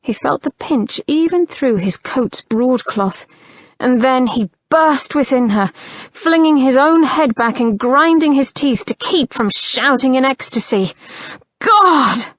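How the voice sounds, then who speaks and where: Slow, measured woman narrating an audiobook. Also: sits high, lively intonation, no room sound, lo-fi sound. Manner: measured, unhurried reading.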